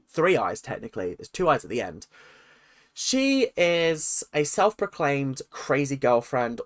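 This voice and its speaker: A young man in his twenties rants casually to the camera in a chatty, opinionated way. He keeps his pitch in an ordinary middle range, breaking off into quick asides and self-corrections. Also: a bit bright. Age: 20s. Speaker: vlogger. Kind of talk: casual rant vlog.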